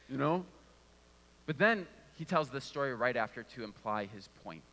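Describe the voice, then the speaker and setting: Bright-voiced man preaching in a hall. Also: medium pitch, lively intonation, normal speed. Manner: conversational, repeats words when restarting. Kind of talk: sermon.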